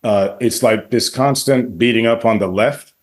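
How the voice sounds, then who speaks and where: A man co-hosting a podcast, weighing his opinion thoughtfully with many restarts and pauses. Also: mid-range voice. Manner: thoughtful, halting with restarts and fillers. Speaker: podcast co-host. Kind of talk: casual discussion.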